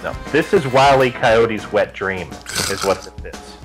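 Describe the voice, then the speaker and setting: A man chatting casually with the host, excitable and teasing, breaking into loud exclamations. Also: on the low side, moderate pace, faint music behind.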